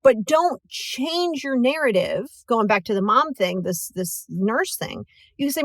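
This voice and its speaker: A woman with a fairly high voice hosts a motivational podcast in a relaxed, chatty way. She keeps checking in with "right?" and acts out other people's voices. The sound is dry and close to the mic. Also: measured pace, dry recording. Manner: animated, acts out quoted voices; casual, filler-heavy, checks in with "right?". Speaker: podcast host.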